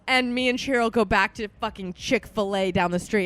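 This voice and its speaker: A woman's voice: medium pitch, a little fast. A woman in her twenties hosting a casual podcast, telling a story with lots of swearing and acted-out quotes. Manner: animated, swearing, acts out quotes. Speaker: podcast host.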